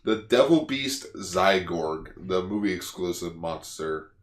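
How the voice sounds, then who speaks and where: A man co-hosting a podcast, retelling a plot in animated casual chat. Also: deep voice, measured pace, echoey room. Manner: animated retelling, lots of fillers. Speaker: podcast co-host.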